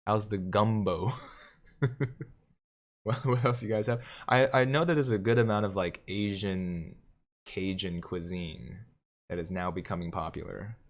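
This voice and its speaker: A man's voice: deep voice, a little slow, pauses often. A man hosting a live stream, casually reading viewer comments aloud and joking, with frequent chuckles. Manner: jokey, chuckles often between comments. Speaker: livestream host.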